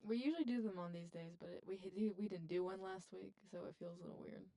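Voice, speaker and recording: A young woman chats casually as a podcast co-host, her voice mellow and warm. She talks freely and laughs easily between thoughts. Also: on the low side, quick pace. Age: young adult. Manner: chatty, laughs often. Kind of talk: casual chat.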